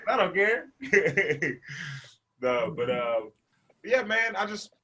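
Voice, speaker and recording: A young adult man from the United States doing a stand-up comedy set, telling stories and acting out characters with loud, high-pitched outbursts and laughter. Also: big pitch swings, slow pace, muffled recording. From American, born in Portland, raised in Memphis.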